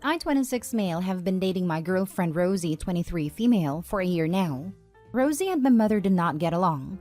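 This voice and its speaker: A woman narrating online posts aloud at an even, steady reading pace. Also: lowish voice, brisk, soft background music.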